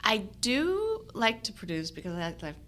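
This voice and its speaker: A woman in her sixties, an actress telling stories from her career in a relaxed chat, laughing often. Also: a little high, moderate pace. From United States. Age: 60s. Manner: animated storyteller, laughs often. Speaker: actress guest. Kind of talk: casual conversation.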